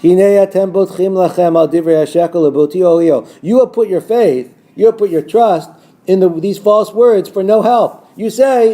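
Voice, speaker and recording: A male teacher giving a recorded lesson on a biblical text, reading Hebrew verses slowly and translating them line by line. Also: mellow. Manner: rises in pitch when quoting the false prophets' words.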